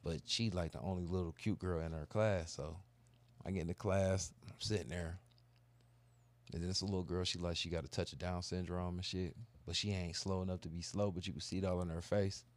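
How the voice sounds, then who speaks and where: A man telling a long, animated, profane story in casual chat. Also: deep voice, fairly quick. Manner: animated, profane, acts out kids' voices. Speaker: podcast co-host telling a story.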